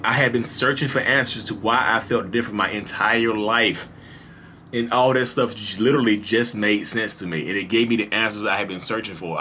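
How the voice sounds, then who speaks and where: A man's voice: on the low side, pushed and bright, slightly rough. A man in his thirties telling his own story on a podcast in a casual, confessional way, with lots of "you know" fillers. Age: 30s. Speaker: podcast host. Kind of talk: candid personal storytelling.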